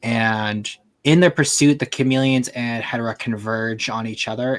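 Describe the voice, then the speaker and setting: A man's voice: medium pitch, a bit bright. Man hosting a chatty livestream. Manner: loose and chatty, with fillers and restarts. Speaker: livestream host. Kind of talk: casual livestream chat, summarizing a fan story.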